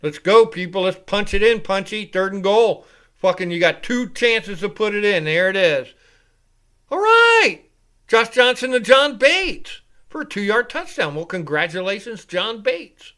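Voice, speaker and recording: A man hosting a live reaction show, giving casual play-by-play commentary. He rambles off-topic, swears freely and gets louder and higher whenever he calls the action. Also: big pitch swings, a little slow. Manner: rambling and casual, with profanity, rising and louder when calling plays.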